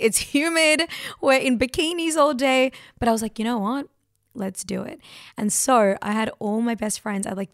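A woman's voice: medium pitch, a little mellow, dry recording. Chatty woman podcast host, dry close sound. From Australia. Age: 30s. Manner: chatty, emotional, quick asides and many fillers. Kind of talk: casual solo chat answering listener questions. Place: sitting on a couch at home.

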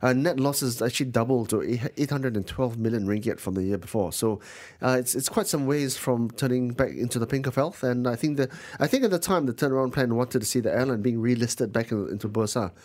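A man's voice: medium pitch, fairly quick, few pauses, a little mellow. A man co-hosting a business radio show, talking casually about the news with jokes and lots of fillers. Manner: chatty, jokey, many fillers.

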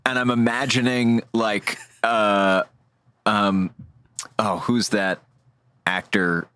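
A man's voice: lowish voice, little pitch movement, takes it slowly, sharp tone, clear, resonant tone, no echo, studio quality. A man in casual chat, thinking aloud hesitantly with many fillers and restarts.

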